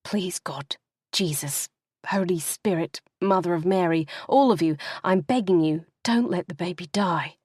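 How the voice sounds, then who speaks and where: A woman's voice: on the low side, measured pace, a little mellow, breathy edge, no room sound, clean studio sound. A woman voicing a distraught woman pleading frantically in prayer. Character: distraught woman, panicked and desperate.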